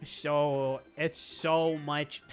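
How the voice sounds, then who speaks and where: A speedrunner giving excitable, rambling commentary over gameplay, with quick laughs and self-interruptions. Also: mid-range voice, faint music behind. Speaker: speedrunner streamer.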